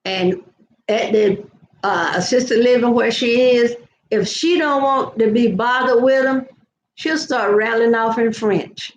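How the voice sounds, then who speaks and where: A woman's voice: a little high, a little slow, roomy sound, dull audio, slight background noise. An older woman telling stories to viewers in a chatty live video, laughing often. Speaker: vlogger. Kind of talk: casual live chat.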